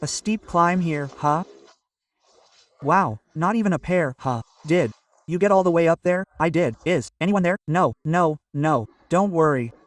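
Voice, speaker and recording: Male vlogger, slightly high voice, dry and distant outdoor camera sound, out of breath on a climb. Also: unhurried, no room sound. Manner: chatty, keeps prompting viewers with "look" and "right?". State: panting from climbing. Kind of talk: casual hiking vlog narration.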